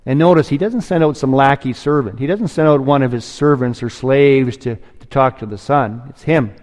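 A man's voice: mid-range voice, normal speed, darkish tone, long reverb tail. A man preaching a sermon, earnest and pleading, rising to emphatic peaks.

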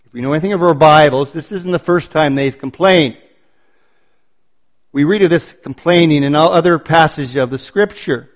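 A man preaching a sermon, building points through emphatic repetition and slowing down on stressed phrases. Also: fairly high pitch.

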